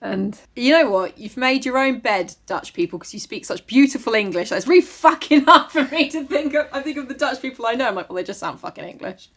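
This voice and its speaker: A woman chats casually on a podcast, blunt and quick with a joke, swearing freely. Her voice sits high and swoops widely in pitch. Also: animated, fairly bright tone. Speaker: podcast co-host. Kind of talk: casual chat.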